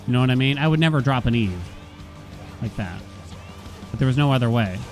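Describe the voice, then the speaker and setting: A man's voice: mid-range voice, animated, brisk, faint music behind. A man streaming a video game, chatting casually and telling stories with acted-out quotes. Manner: chatty storytelling, acts out quotes. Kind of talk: casual gaming stream chat.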